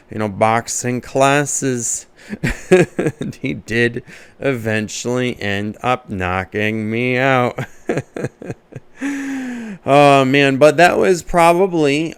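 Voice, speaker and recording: A man's voice: mid-range voice, smooth, no room sound. A man, a comedian, telling a comic story as a monologue and laughing often at his own jokes.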